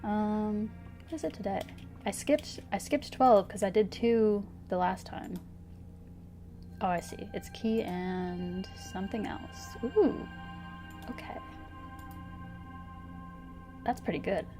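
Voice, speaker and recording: Woman streamer chatting slow over a game, lots of ums and giggles, soft music behind. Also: mid-range voice. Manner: thinking aloud, hesitant, giggly. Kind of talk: casual gameplay commentary. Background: soft background music.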